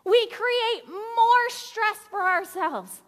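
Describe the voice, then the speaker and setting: In a church sanctuary, a woman pastor in her thirties gives a conversational sermon, telling stories in a candid, chatty, self-deprecating way. Her voice is very high and fairly bright, with drawn-out words, and the hall is reverberant.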